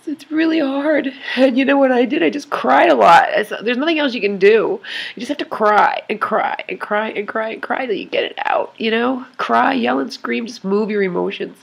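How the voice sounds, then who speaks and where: Tearful breathy woman, rambling confession. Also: fairly high pitch. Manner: rambling and halting, with many restarts and sighs. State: tearful, crying. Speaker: vlogger addressing her online club. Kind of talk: emotional confessional vlog.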